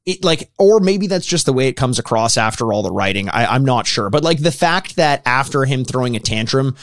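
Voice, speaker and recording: A man's voice: medium pitch, animated, a little fast, no room sound. Guy rambling thru a movie review w/ his buddies, laughs a lot, swears, dry mic. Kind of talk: casual movie-review chat.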